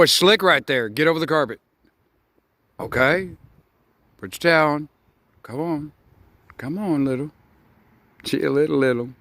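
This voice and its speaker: A man's voice: mid-range voice, fairly bright tone, no room sound. Folksy older grandfather telling bedtime tales. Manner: folksy, chatty, affectionate, laughs often. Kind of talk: bedtime storytelling vlog.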